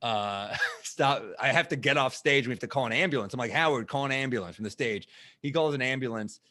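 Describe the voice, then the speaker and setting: A man in his thirties, a comedian co-hosting a casual chat, telling a story and acting out the people in it with loud, high bursts. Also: brisk. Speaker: podcast co-host, comedian.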